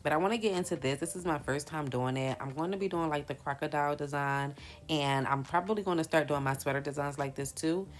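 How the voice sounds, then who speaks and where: A young woman with a low-pitched voice talks casually to her viewers as she makes press-on nails. Her speech is relaxed and colloquial, and she addresses the audience directly. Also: fast. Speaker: nail business vlogger. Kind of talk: casual chat to viewers while doing nails.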